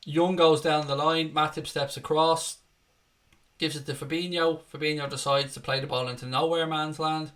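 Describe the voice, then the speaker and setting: A man's voice: on the high side, steady tone, normal speed, a bit bright. A young man giving live fan commentary on a football match, calling the play and breaking into angry, sweary rants. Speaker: fan watchalong host.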